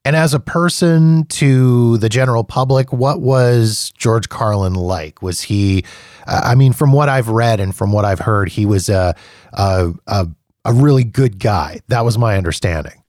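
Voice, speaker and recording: A man hosting an interview, asking questions in a measured, deliberate way. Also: medium pitch, a little mellow, dry recording, clean studio sound. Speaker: podcast host.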